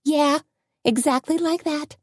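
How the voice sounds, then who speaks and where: A woman's voice: sits high, unhurried, dry recording, studio quality, voice pushed up. A woman voicing a nervous, easily spooked young woman friend in an audiobook, talking in urgent, breathless bursts. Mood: frightened. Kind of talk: audiobook character voice.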